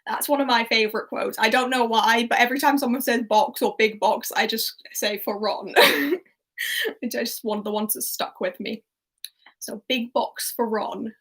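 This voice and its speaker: A woman's voice: a little high, moderate pace, a bit bright, poor audio. Chatty young woman hosting a quiz. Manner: chatty, laughs often, reads out and repeats quotes. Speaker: quiz host. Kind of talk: casual livestream quiz hosting.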